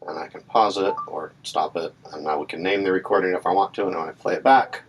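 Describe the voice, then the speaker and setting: A man's voice: sits low, fairly even intonation, fast, breathy edge. A man teaching ukulele in a casual, chatty way, talking through examples with fillers and asides. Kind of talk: casual instructional talk. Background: ukulele playing between phrases.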